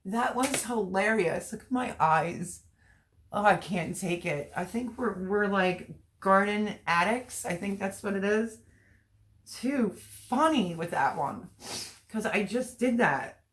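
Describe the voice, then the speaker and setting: A woman's voice: mid-range voice, expressive, takes it slowly. A woman hosting a casual livestream, reading out chat comments, teary and laughing through her words. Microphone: webcam or phone on a stream.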